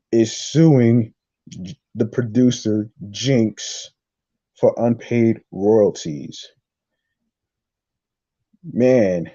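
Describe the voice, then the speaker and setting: A man hosting a casual solo podcast, reading news aloud haltingly, repeating words and adding his own reactions. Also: on the low side, dark tone, muffled recording. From New York. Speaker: podcast host.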